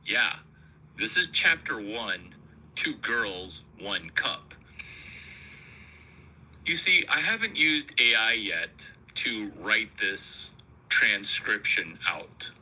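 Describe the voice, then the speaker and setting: Slow, forceful man riffing crudely. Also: on the low side, sing-song, slight background noise, rough recording. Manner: provocative, crude, self-mocking. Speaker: comedian host. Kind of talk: rambling comic monologue.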